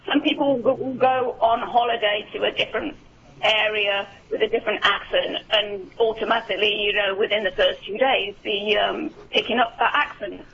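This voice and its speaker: A woman's voice: mid-range voice, fairly even intonation, normal speed, fairly bright tone, highs cut off. A woman with an English accent, an actor chatting casually in an interview, with lots of ums and restarts. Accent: generic English. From England. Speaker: actor guest.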